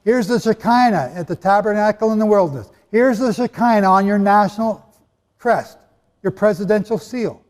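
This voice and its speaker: A man preaching a sermon in a hall with an audience, animated and conversational, with asides to his listeners. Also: sits high, moderate pace. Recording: long hall reverb.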